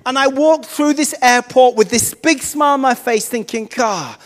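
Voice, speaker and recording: A man, a vicar, telling a self-mocking, animated personal story in a sermon. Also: extremely high pitch, normal speed, big-room sound.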